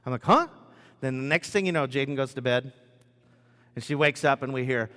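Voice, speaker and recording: A middle-aged man, the pastor, delivers a relaxed, funny sermon full of restarts, recorded in a sanctuary whose hall carries a long reverb. His medium-pitched voice is steady, a bit bright, and fairly quick.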